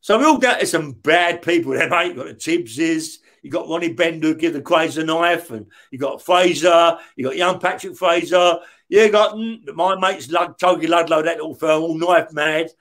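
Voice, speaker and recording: A man's voice: a little high, moderate pace, hardly any pauses, a bit bright. A middle-aged man telling stories in an interview, swearing constantly, laughing as he goes and checking in with "yeah?". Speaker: interview guest, former career criminal. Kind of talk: storytelling in an interview.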